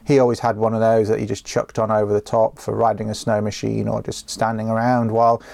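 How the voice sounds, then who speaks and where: A man's voice: lowish voice, completely flat delivery, fairly quick, creaky, a little mellow, no room sound. A man hosting a questions show from his home office. He talks in a chatty way, full of ums and restarts. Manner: chatty, with frequent ums and self-corrections. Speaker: host answering viewer questions. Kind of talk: casual solo talk.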